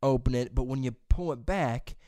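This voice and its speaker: A young man chatting casually as a podcast co-host, swearing freely and breaking into loud high-pitched impressions. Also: moderate pace, dry recording, clean studio sound. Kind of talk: casual chat.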